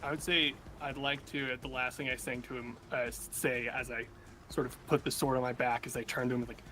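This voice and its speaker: A man's voice: medium pitch, little pitch movement, a little fast, sharp tone, slight background noise. A man playing a tabletop game, describing his character's actions animatedly with many restarts. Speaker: player. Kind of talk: tabletop game play, casual chat.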